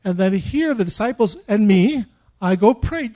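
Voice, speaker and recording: A middle-aged man preaching a sermon, telling stories and acting out his own prayers with lively, animated delivery. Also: high voice, moderate pace. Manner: animated storytelling with acted-out prayers. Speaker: pastor.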